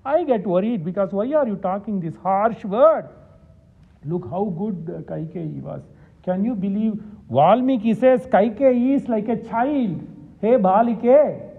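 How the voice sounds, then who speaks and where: A man with a high-pitched voice delivers a religious lecture in a temple hall, moving between recited Sanskrit verses and plain explanation. He hammers his points home by repeating words. The recording is tinny and narrow, like a phone line. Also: expressive, a little slow, creaky, slightly rough. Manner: emphatic, repeats words for stress.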